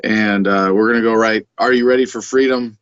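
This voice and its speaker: A man guest in a casual interview, chatty and quick to laugh, often restarting his sentences. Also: lowish voice, steady tone, a bit bright, slight background noise. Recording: dull dry remote audio.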